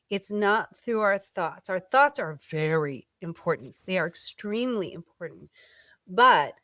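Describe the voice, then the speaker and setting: A woman hosting a podcast interview, talking in an animated, expressive way with casual filler words. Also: medium pitch, no room sound, studio quality. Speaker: podcast host. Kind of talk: conversational interview.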